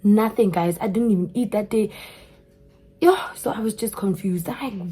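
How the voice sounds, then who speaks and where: A young South African woman with a South African accent, telling a story in an animated way straight to her viewers. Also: mid-range voice, moderate pace, breathy edge. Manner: animated, keeps addressing viewers as guys. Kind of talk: storytime vlog.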